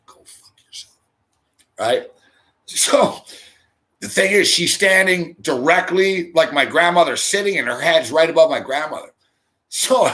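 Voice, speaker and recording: A middle-aged Canadian man hosting a show, telling a profane, animated story and swearing constantly. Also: a little high. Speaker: host.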